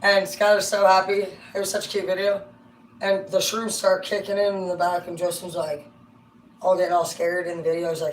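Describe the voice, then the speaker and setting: Middle-aged woman rambling thru a tarot reading, swears a ton, gets excitable, sounds a bit far off the mic in a roomy space with faint hum. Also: medium pitch. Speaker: tarot card reader. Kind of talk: casual livestream reading.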